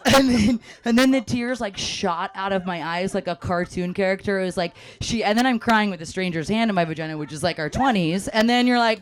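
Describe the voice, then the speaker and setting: A woman telling an animated, self-mocking story to a live audience, often acting out what others said. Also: mid-range voice, fairly quick, hardly any pauses, slight background noise. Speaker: panel speaker at a live event.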